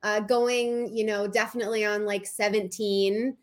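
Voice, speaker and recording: A woman's voice: medium pitch, flat delivery, normal speed. Chatty woman telling family stories. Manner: chatty storytelling, acting out quotes. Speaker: podcast guest, writer. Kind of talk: casual chat.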